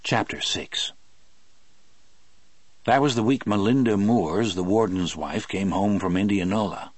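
A man reading an audiobook aloud in a measured, wry storytelling manner. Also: fairly low pitch, no echo. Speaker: narrator. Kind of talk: audiobook narration.

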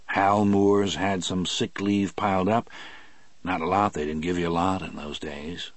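A man reading an audiobook aloud in a measured, wry storytelling manner. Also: deep voice, fairly even intonation, no echo. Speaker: narrator. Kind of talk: audiobook narration.

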